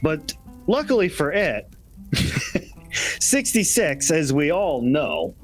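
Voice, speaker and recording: Slow-paced game master narrating. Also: male voice, on the high side, very animated, faint music behind. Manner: slow, descriptive narration with chuckles. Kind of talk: narrating a tabletop game for a live chat.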